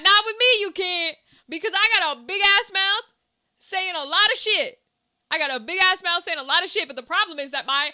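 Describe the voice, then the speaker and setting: A woman's voice: high-pitched, pushed and bright, no room sound, clean studio sound. A young woman game streamer chatting casually with viewers, brash and teasing, swearing freely and laughing often into a desk microphone.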